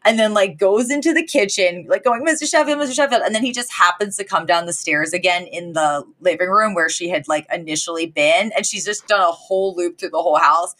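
Podcast host, female, low-pitched, chatty and filler-heavy recap. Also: fairly quick, few pauses, fairly bright tone. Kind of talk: casual episode recap.

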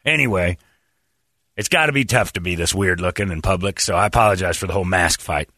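A man's voice: low-pitched, quick pace, bright, forceful tone, no room sound, studio quality. Rambling, self-deprecating radio man. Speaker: morning radio host. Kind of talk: casual storytelling on morning radio.

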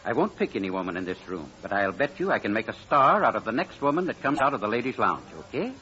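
An actor playing a smooth-talking, scheming male Broadway promoter who narrates, in 1940s radio style. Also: lowish voice, sing-song, quick pace, pushed and bright, slight background noise. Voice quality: glib, persuasive. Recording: dull old radio broadcast.

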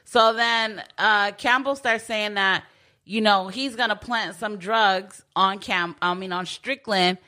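A woman's voice: mid-range voice, takes it slowly, pushed and bright. A woman chatting casually, recapping a story and acting out quoted lines, laughing often. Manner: laughs often, acts out quoted lines while retelling a plot. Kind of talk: casual chat.

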